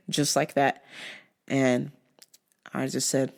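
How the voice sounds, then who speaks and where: A young adult woman hosting a vlog, telling a story in a blunt, profane, animated way. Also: fairly low pitch, a little slow. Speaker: vlog host. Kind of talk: casual storytelling monologue.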